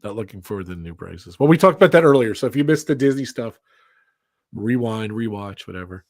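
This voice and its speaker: A man's voice: lowish voice, animated, a little fast, no echo, studio quality. A man co-hosting a casual livestream chat, talking freely and laughing often. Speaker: podcast co-host.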